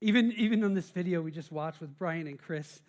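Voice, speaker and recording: High-voiced American man preaching. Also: a little fast, darkish tone. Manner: conversational, with many restarts and repeated words. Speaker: pastor. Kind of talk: sermon.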